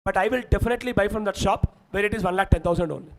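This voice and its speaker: A man's voice: high-pitched, very fast, vocal fry, poor audio. A man with an Indian English accent teaching an online exam-prep lecture, emphatic and often checking that students follow.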